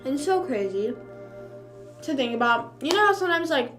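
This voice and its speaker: A young woman rambles through a casual mukbang chat, heavy on fillers and talking around bites of food. Her voice sits a little high for a woman. Soft music plays faintly underneath. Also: big pitch swings, moderate pace. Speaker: streamer.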